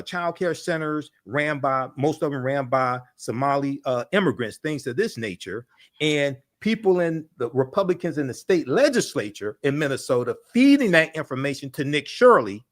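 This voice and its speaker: Male panelist, slightly high pitch, forceful political commentary with frequent filler pauses.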